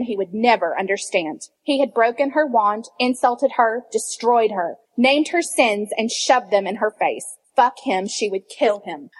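A woman with a fairly high voice reads fan fiction aloud, expressive and animated. She stops now and then to laugh or to comment on the text. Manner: expressive, breaks into laughter and asides. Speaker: reader.

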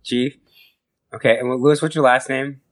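A man at a tabletop game, casually explaining his character's moves. He stops and restarts often as he works his thoughts out. His voice sits at an ordinary middle pitch. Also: fairly even intonation, low-quality recording. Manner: halting, restarts while explaining. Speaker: player.

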